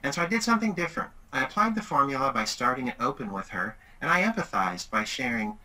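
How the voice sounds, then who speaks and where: Man, middle-aged, very bright tone, lively storytelling, webinar presenter. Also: mid-range voice, fast talker, few pauses, low-quality recording. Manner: animated, acts out quoted voices.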